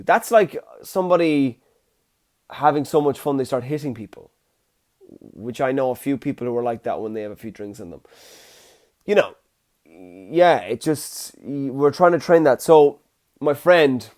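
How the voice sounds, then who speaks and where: A man's voice: mid-range voice, darkish tone. A young man, hosting a casual solo podcast with chatty, jokey storytelling. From Ireland. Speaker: podcast host.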